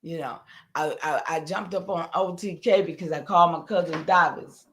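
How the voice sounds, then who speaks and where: There's slight background noise behind this older woman's fairly low voice, which keeps a normal speed. She rambles emphatically to her livestream viewers and talks back to their comments.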